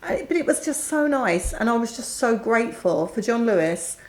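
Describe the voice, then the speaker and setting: A woman's voice: fairly high pitch, sing-song, moderate pace. Candid middle-aged Englishwoman telling a story. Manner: candid, storytelling, acts out quoted voices. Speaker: co-host. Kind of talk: casual chat.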